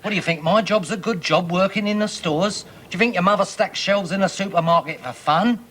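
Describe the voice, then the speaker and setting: A man's voice: sits high, a little fast, fairly bright tone, slight background noise. A man playing a blustering father who schemes to make money from the family dog.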